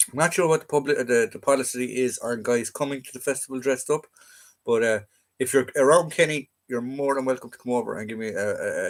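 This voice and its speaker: A man with an Irish accent hosting a casual live-stream chat, rambling and easygoing with plenty of fillers and restarts. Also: mid-range voice. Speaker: livestream host.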